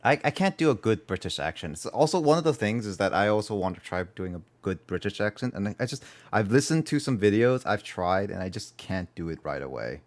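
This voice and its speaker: Man, low voice, streamer, casual chat, rambling, repeats words. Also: lively intonation, brisk, few pauses. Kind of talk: casual gaming livestream chat.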